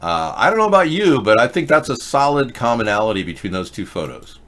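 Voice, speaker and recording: A man's voice: medium pitch, sing-song, a little fast, fairly bright tone. A man hosting a live-stream show, talking in a rambling, sarcastic way with frequent restarts. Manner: rambling, sarcastic, self-interrupting. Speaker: host. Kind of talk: casual live-stream commentary.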